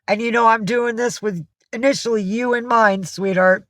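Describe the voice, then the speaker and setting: A woman's voice: fairly high pitch, steady tone, normal speed, hardly any pauses, dry recording. A woman from upstate New York running a casual livestream. She chats easily, greets her viewers one by one and drops curse words without a second thought. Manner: chatty, greets viewers by name, swears freely. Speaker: livestream host.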